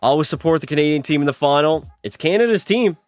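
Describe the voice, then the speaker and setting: Chatty, teasing young man, slightly high voice. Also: animated, fast, no echo, soft background music. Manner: chatty, teasing, banters with chat. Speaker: streamer playing a hockey video game. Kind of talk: casual live-stream commentary, chatting with viewers.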